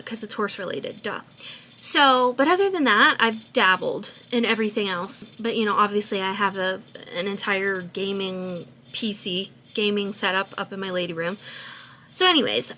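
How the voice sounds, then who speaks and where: A woman's voice: on the high side, sharp tone, a little hiss or hum. A woman vlogging casually from her desk at home, bubbly, laughing often and swearing when annoyed. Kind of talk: casual chat.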